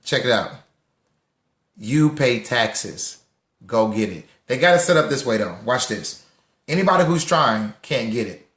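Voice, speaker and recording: Animated man hyping a live audience. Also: medium pitch, brisk, reverberant. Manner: animated, preachy, repeats lines for emphasis, greets listeners by name. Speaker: host of a live social audio room on personal finance. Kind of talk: lively casual talk to a live audience.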